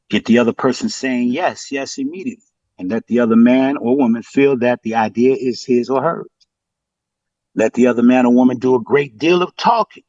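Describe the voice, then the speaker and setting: Earnest halting man on a muffled call. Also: medium pitch, a little mellow, dry recording. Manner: halting, earnest, many fillers. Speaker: caller. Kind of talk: testimony on a call-in.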